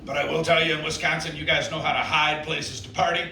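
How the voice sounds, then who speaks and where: A man's voice: fairly high pitch, little pitch movement, fast. A man from Detroit doing a brash, profane stand-up set at a bar gig. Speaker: stand-up comedian. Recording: echoey bar from far off. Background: loud audience and bar noise.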